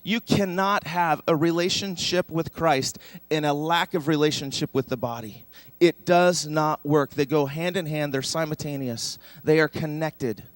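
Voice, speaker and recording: A man's voice: a little high, normal speed, few pauses, no room sound. A man preaching a sermon as pastor, emphatic and leading the congregation in repeating a verse. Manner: emphatic, leads congregation in call-and-response. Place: church sanctuary.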